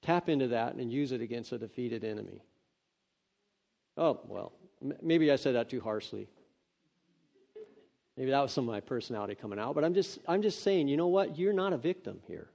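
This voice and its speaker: A man preaching, reading scripture aloud and breaking off into earnest, excitable, conversational asides. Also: mid-range voice, a little fast, gravelly, long pauses. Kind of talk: devotional scripture reading with commentary. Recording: dull lo-fi sound.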